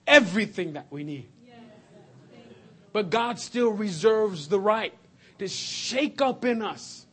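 A man preaching a sermon to his congregation, animated, laughing and shouting at times. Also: high voice. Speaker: pastor. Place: church sanctuary.

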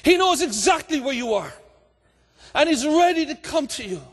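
High-voiced preacher in a reverberant hall. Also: male voice, sing-song, normal speed. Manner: impassioned, preaching with rising shouts. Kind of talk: evangelistic sermon.

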